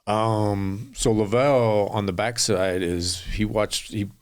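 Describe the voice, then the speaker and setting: A middle-aged man appears as a podcast guest, telling long, earnest, rambling stories and acting out quotes. His voice is fairly low, clear and resonant, with fairly even intonation and a slow pace.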